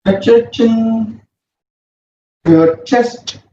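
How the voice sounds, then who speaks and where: A man leads a yoga session, pacing each breathing cue very slowly. His voice sits high for a man and comes from some distance off the mic. The sound is roomy and a little muffled, with a faint hum underneath. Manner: slow, calm breathing cues. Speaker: yoga instructor. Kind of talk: guided yoga instruction.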